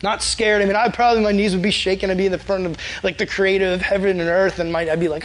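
A man's voice: sits high, little pitch movement, fast, hardly any pauses, low-quality recording. A young man preaching a casual, conversational sermon as a youth pastor, often acting out prayers in a quoted voice.

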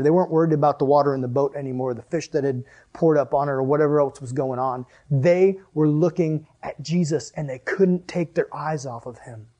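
A man's voice: fairly high pitch, darkish tone. A man preaching a casual sermon as a youth pastor, conversational and emphatic with joking asides.

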